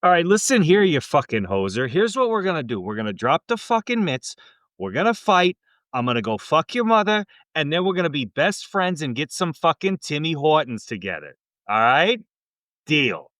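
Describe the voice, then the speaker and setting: Guy putting on a cursing canadian hockey goon, loud and raised, bouncy voice. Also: on the high side, sing-song, moderate pace, no room sound, pitched above the performer's own voice. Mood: brawling bluster. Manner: loud, aggressive, swaggering. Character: foul-mouthed Canadian hockey brawler, man.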